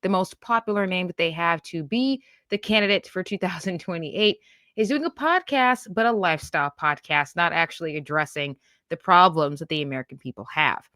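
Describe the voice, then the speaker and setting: A woman's voice: fairly low pitch, fairly quick, bright, forceful tone, no room sound, studio quality. A woman hosting a political commentary show, reacting bluntly and scornfully to a news clip she plays.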